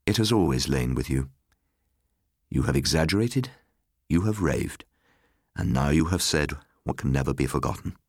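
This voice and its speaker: A proud Victorian father, as a storyteller plays him, cold and measured, speaking in a very low voice that still moves a good deal in pitch. He sounds weary and detached. The sound is close and dry. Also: lively intonation, no echo, full character voice.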